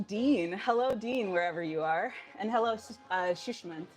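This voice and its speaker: A woman's voice: medium pitch, normal speed. A woman fitness instructor chatting casually with viewers on a live stream, upbeat and laughing often, a little out of breath. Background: faint music.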